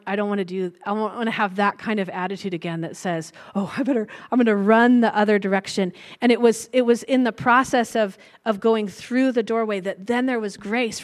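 A middle-aged woman preaching a sermon and sharing a personal testimony, earnest and reflective, slowing down to stress key lines. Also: on the high side.

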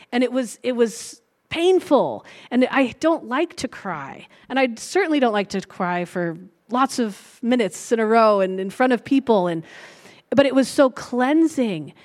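A middle-aged woman gives an earnest, reflective sermon in a slightly high voice. She slows down to stress key lines and speaks with heartfelt conviction. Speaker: preacher. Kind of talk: sermon with personal testimony.

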